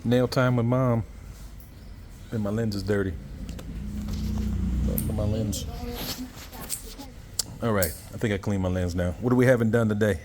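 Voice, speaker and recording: Man, casual vlog talk, rambling and candid, handheld camera, loud street noise behind. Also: fairly low pitch, fairly even intonation, a little slow, long pauses. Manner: candid, rambling, talks to a puppy. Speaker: vlogger. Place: Thailand, indoors and out. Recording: noisy street ambience.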